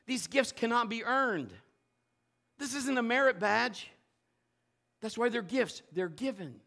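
A man preaching a sermon at a church service, animated and playful, moving between loud exhortation and quiet asides. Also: extremely high pitch, unhurried, gravelly.

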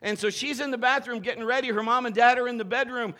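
A man pastor preaching a lively live sermon, urging his congregation to join in. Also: very high voice, fast talker. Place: church sanctuary with a congregation.

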